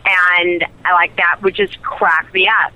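A woman's voice: lowish voice, flat delivery, measured pace, bright, forceful tone. A woman, an actress guest, telling a personal story in a chatty, giggly way with lots of fillers, heard over a phone line. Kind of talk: casual chat.

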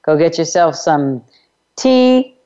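A woman hosting a self-help call-in radio show, speaking in unhurried, emphatic phrases and repeating chanted clearing phrases. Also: sits low, expressive, warm tone, highs cut off.

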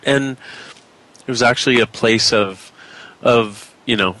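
A middle-aged man co-hosting a casual talk show, speaking animatedly and jumping up in pitch when he gets excited. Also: unhurried, long pauses, rough recording. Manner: animated, rising excitedly on exclamations. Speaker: co-host. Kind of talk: casual conversational chat.

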